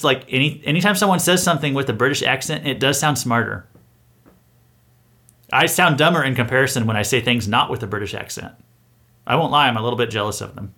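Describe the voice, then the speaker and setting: A man's voice: mid-range voice, a bit bright. A man hosting a satirical news show, delivering a mock-earnest, sarcastic monologue with hesitant restarts.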